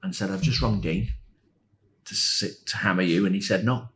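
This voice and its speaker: A man in his sixties, a former footballer, telling animated anecdotes as a podcast guest and laughing as he goes. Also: deep voice, normal speed, slight background noise. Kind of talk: anecdotal storytelling.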